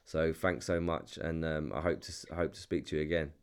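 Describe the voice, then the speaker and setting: Deep-voiced London man chatting casually. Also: steady tone, a little fast, clear, resonant tone. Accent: London English. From England. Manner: repeats words and restarts, swears freely. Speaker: podcast host. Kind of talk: casual chat.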